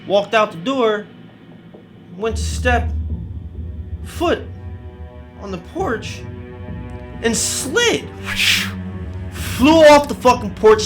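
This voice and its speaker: Profane, animated male storyteller. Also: sits high. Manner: profane, animated, yelps and cries out in pain. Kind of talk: comic horror storytelling.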